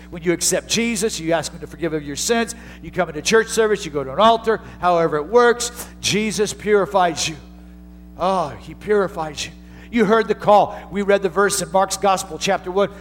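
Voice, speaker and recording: High-voiced man preaching with swells. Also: rough recording. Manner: swings from hushed storytelling to loud preaching. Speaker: pastor. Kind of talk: sermon.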